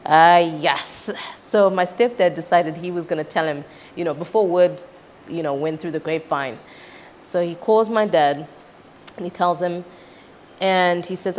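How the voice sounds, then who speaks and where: A woman's voice: lowish voice, normal speed. A young woman from Zimbabwe, a singer being interviewed, telling a personal story animatedly and acting out quoted parents. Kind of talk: casual interview chat. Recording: dull lo-fi sound with faint background noise.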